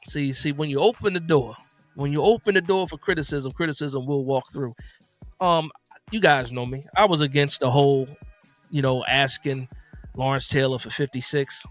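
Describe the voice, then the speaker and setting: A man from New Jersey with a slight Southern lilt, hosting a casual sports livestream, reading chat comments aloud and answering in a relaxed, repetitive way. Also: medium pitch, moderate pace, soft background music. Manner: reads chat comments aloud and responds, laid-back, repeats phrases. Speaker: livestream host.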